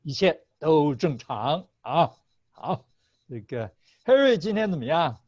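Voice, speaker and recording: A man's voice: fairly high pitch, very animated, measured pace, darkish tone, no echo. A male teacher running an online class, patient, switching between Chinese and English and laughing often. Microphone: video call. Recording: slightly dull video call audio.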